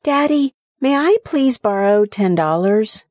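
Woman playing a small pleading five-year-old boy, high and eager, dry close sound. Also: lively intonation, measured pace, a little mellow, dry recording, lightly acted.

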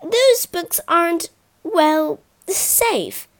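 A woman's voice: very high-pitched, big pitch swings, extremely slow, pitched above the performer's own voice, full character voice. A woman voicing an anxious, flustered male chancellor who stumbles over his warnings.

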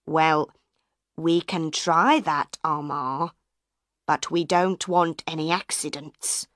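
A woman reading the part of a calm, careful man who co-runs an opera house. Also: sits low, no room sound, clean studio sound. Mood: cautious. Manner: measured, careful. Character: cautious, calm male opera director.

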